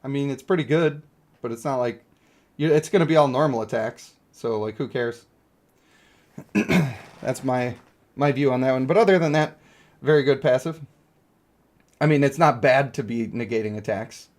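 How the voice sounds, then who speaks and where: A man's voice: mid-range voice, moderate pace, pauses often, a little mellow. A young man streaming a mobile game, rambling and joking as he thinks aloud about characters. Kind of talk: casual live-stream commentary.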